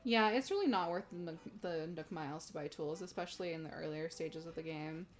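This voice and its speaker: A woman's voice: low-pitched, a little fast. A young woman streaming a game, chatting casually with viewers, giggly and gushing. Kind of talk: casual gameplay stream chat.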